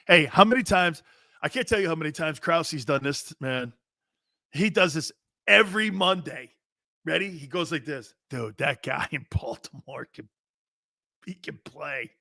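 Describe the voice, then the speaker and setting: A man hosting a sports talk show, rambling loudly with jokes and swearing. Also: a little high, no room sound, studio quality. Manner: loud, rambling, jokey, swears freely. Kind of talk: casual sports talk monologue.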